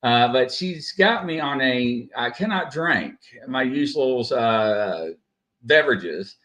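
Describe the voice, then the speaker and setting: A man's voice: mid-range voice, expressive, slow pace, fairly bright tone. A man hosting a casual live stream, chatty and full of "uh" fillers, greeting viewers by name. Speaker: host.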